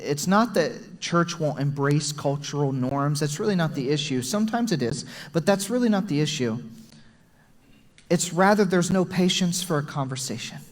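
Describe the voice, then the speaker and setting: A young adult man preaching a sermon as pastor, earnest and personal, at times getting emotional. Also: on the high side. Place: large church hall. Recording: long hall reverb from church PA.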